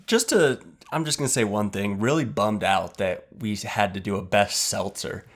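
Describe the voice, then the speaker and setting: A man's voice: on the low side, moderate pace. A man in his late twenties, a guest on a podcast, teasing the hosts wryly and laughing often. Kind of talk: casual podcast banter.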